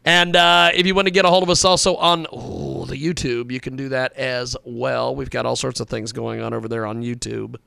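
Gravelly-voiced man hosting talk radio. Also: mid-range voice, fairly even intonation, pushed and bright, dry recording, studio quality. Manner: rambling, repeats himself, drawn-out pauses. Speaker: radio show host. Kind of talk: casual talk radio monologue.

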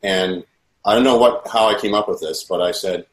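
A man telling his own story in an earnest, halting way with many restarts, in a roomy echo. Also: fairly low pitch. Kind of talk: first-person testimony.

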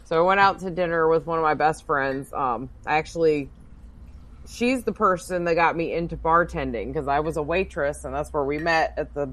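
Lowish-voiced woman telling a profane story. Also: normal speed, a bit bright. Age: adult working as a bartender. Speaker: podcast co-host. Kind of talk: casual storytelling chat.

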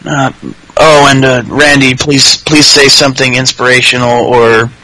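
A man's voice: mid-range voice, little pitch movement, unhurried, pushed and bright, rough recording. Rambling, profane man chatting casually. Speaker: podcast host. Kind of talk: casual chat.

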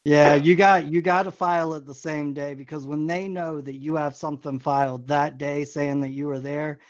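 A man's voice: a little high, little pitch movement, normal speed, dry recording. A man co-hosting a radio show, giving practical advice in a matter-of-fact way. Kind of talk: casual radio talk. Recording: muffled lo-fi radio audio.

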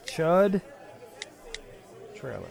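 A man's voice: fairly high pitch, big pitch swings, very slow, gravelly, darkish tone, some chatter behind. A man co-hosting a podcast in casual chat. He is playful and often laughs while he talks. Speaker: podcast co-host. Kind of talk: casual chat, reading news clippings aloud.

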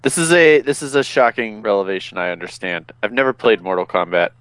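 A man's voice: lowish voice, a little fast, fairly bright tone, clean tone, dry recording. A man co-hosting a podcast in casual chat, wry and self-deprecating. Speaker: podcast co-host.

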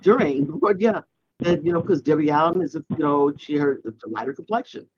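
A man co-hosting a casual panel chat, reflective and halting, with many "you know"s. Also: fairly high pitch, lively intonation, background noise. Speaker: podcast co-host. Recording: dull lo-fi sound.

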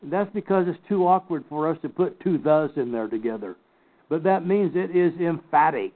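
An older man teaching a Bible class, slowly and emphatically picking apart scripture word by word. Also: fairly high pitch, expressive. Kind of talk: Bible study lecture. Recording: tinny phone-like recording.

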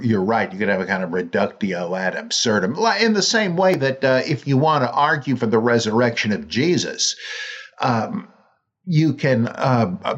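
A man's voice: on the low side, breathy edge, dull audio. A man hosting a podcast, answering listener questions in a wry, rambling way with many fillers and restarts. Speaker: podcast host.

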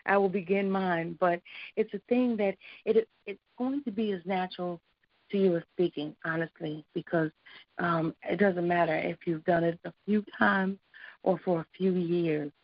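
A woman's voice: lowish voice, steady tone, normal speed, dry recording. A woman guest on a talk radio show, speaking in an encouraging, faith-centered way. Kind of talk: casual chat. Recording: dull, dry lo-fi radio sound.

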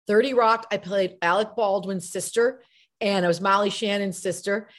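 A middle-aged actress and comedian chats as an interview guest, telling stories animatedly and performing quotes in different voices. Her pitch is medium and her speed normal.

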